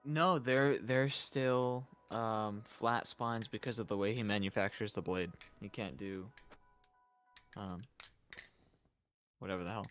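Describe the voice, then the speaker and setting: A man with a fairly low voice chats loosely on his livestream, dropping swear words without a second thought. Soft lo-fi music plays faintly underneath him. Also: steady tone, slow, long pauses. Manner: casual, swears freely. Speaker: livestream host. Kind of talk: casual chat on a livestream.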